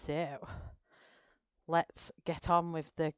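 A smooth, clear-voiced woman chats casually through a live stream, greeting viewers and talking through her plan step by step. Her voice sits a little low, and the audio is dry and somewhat dull, like lo-fi stream sound. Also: level tone, slow pace, no echo. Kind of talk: casual live-stream chat while colouring.

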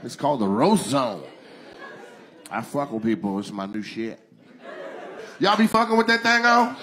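A man doing live stand-up crowd work, loud, profane and teasing, laughing often. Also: mid-range voice, big pitch swings, moderate pace. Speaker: stand-up comedian. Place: comedy club stage. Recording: live comedy club with crowd noise.

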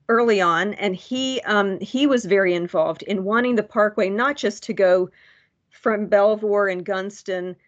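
A woman presenting research at a public commission meeting, halting, with many fillers and restarts. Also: medium pitch, muffled recording.

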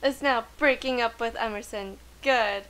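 Excitable woman gamer, high voice. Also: unhurried, rough recording. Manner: chatty, excitable, gasps and laughs often. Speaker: let's play gamer. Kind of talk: casual gameplay commentary.

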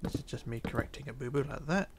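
A tired man narrating a building tutorial, counting quietly under his breath as he works. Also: medium pitch, quick pace, heavy background noise. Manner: relaxed, counting blocks under his breath, drops to near whisper. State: tired, yawning. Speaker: tutorial host. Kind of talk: casual game tutorial narration.

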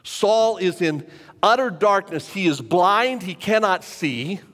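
A pastor preaching a sermon to a live congregation in a church, talking conversationally and repeating phrases for emphasis. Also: male voice, high voice, expressive, takes it slowly, a bit bright. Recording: long church reverb.

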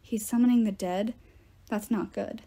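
A woman voicing a sharp, practical teenage girl with a blunt, matter-of-fact manner. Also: medium pitch, fairly even intonation, moderate pace, gravelly.

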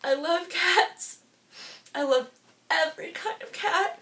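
A young woman giving a halting, awkward and overly emotional comic monologue as a spoof dating profile. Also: very high voice, bright, forceful tone. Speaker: video dating profile parody. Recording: voice a bit far from the mic.

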